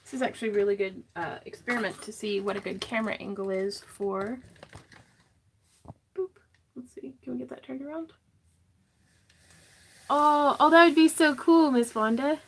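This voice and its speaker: A slightly high-voiced woman chats casually on a craft livestream from her home craft room. She laughs often and reads viewers' comments aloud as she works. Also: steady tone, normal speed, long pauses, slight background noise.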